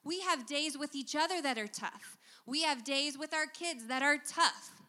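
A woman's voice: sits high, measured pace, bright, forceful tone. A middle-aged woman, teaching a church congregation about relationships and quizzing them as she goes. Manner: teacherly, engages the audience with questions. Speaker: guest speaker at a church service. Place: church sanctuary. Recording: church hall reverb.

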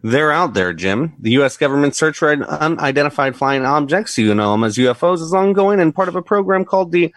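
A man's voice: fairly high pitch, expressive, fairly quick, hardly any pauses, fairly bright tone, no echo. A man reading a news story aloud on a comedy podcast in a newsy, slightly wry way.

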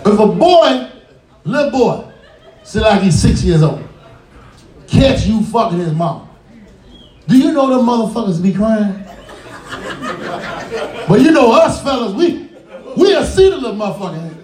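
A man works a live stand-up crowd in a music cafe, loud, profane and animated as he acts out the people in his stories. His voice sits high and swings widely in pitch. The sound is caught from a distance and rings around the room. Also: unhurried, pauses often. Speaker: stand-up comedian. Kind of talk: stand-up comedy set. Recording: roomy, distant live club recording.

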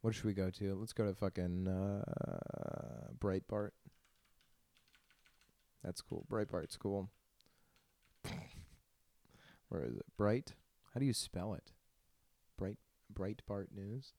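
Brief: young male podcast host, low voice, dry close sound, crude and giggly rambling. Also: animated, takes it slowly, gravelly, long pauses, warm tone, no room sound. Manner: crude, laughing, self-deprecating storytelling. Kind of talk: rambling solo podcast monologue.

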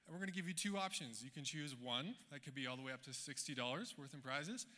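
A man with a high, bright voice runs a mock game show with exclamatory showman patter. He is heard in a big hall with a long reverb. Music plays faintly behind him. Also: lively intonation, brisk, few pauses. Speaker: game show host at a live event.

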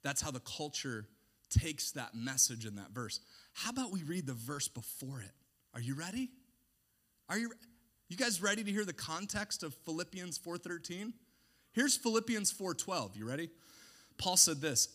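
A man preaching a sermon, animated and sarcastic, swinging between hushed asides and shouted points. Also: fairly high pitch, normal speed.

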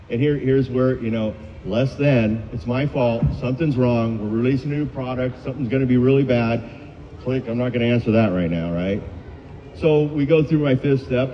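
A man's voice: medium pitch, slight background noise. A middle-aged man speaking at a recovery meeting, sharing his story in a candid, self-mocking way. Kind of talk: personal recovery story share. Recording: dull, echoey hall sound.

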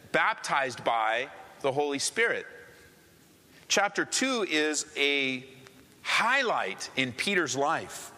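A man's voice: a little high, pushed and bright, long reverb tail. A man preaching a sermon with earnest, emphatic repetition. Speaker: pastor.

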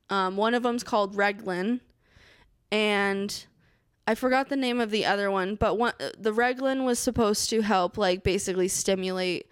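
A young woman co-hosting a podcast, telling a story in casual talk, swearing often and acting out quotes. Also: smooth. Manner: swears often, acts out quotes in a high panicked voice. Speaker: podcast co-host.

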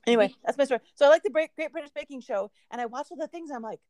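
A woman's voice: high-pitched, racing, a little mellow, dry recording, studio quality. A woman co-hosting a podcast, telling a long rambling story in casual chat. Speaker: podcast co-host.

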